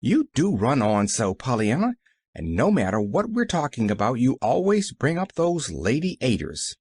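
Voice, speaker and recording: A man's voice: medium pitch, huge pitch swings, moderate pace, darkish tone, slightly rough, dry recording, full character voice. A man voicing a cold, impatient older aunt. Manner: cold, clipped.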